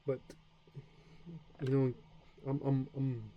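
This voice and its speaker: An American man streams his beginner French practice, rambling casually with lots of fillers, restarts and jokes at his own expense. His voice is medium-pitched and slow, with little pitch movement. The recording has its highs cut off and a little hiss or hum.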